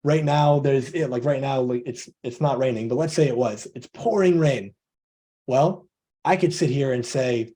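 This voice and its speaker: A man with a mellow, relaxed voice speaks earnestly as a coach on a video call. He talks through his points by playing out little back-and-forth conversations, voicing both sides himself. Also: mid-range voice, moderate pace. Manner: earnest, acts out both sides of imagined dialogues. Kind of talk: motivational talk on a video call.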